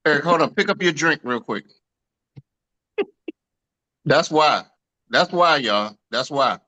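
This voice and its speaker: A man's voice: on the high side, expressive, takes it slowly, bright, forceful tone, highs cut off. A man co-hosting a live show, cutting in with teasing, chuckling banter. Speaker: co-host.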